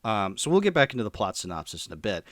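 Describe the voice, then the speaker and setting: A man's voice: fairly low pitch, sing-song, fast talker, fairly bright tone, no echo, studio quality. A man in a casual podcast chat, rambling animatedly through a film's plot with lots of fillers. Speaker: podcast co-host reviewing a film.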